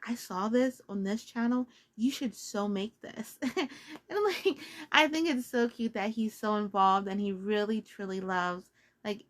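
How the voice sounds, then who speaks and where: A woman vlogger in her thirties chatting casually to her viewers about crochet, bubbly and quick to giggle. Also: a little high.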